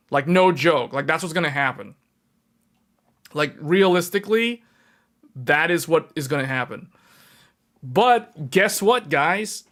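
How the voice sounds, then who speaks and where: Animated man hosting a tech livestream. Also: on the high side. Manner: animated, emphatic, repeats key points. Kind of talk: casual livestream talk to viewers.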